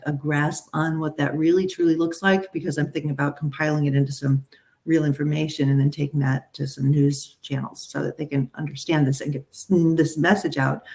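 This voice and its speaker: A woman's voice: sits low, gravelly. A middle-aged woman, a talent agent, talking casually and animatedly to a group. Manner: animated, chatty, frequent restarts and asides. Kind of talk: casual live talk to a group.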